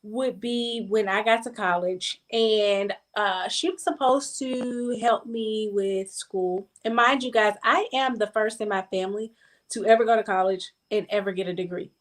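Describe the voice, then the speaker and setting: A woman's voice: medium pitch, measured pace. A young adult woman in a casual group chat, telling a personal story emphatically and repeating words for stress. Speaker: guest.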